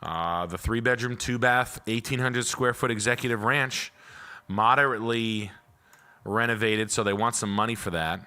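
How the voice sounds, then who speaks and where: A man's voice: medium pitch, moderate pace, bright, forceful tone, clean tone. A young man hosting a casual livestream, rambling and self-deprecating with crude jokes. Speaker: realtor and livestream host.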